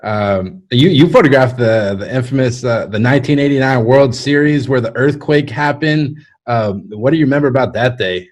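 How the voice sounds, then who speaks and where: A man hosting a podcast, asking a guest questions in a relaxed, laid-back way. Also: mid-range voice, moderate pace, hardly any pauses. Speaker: podcast host. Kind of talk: interview questions.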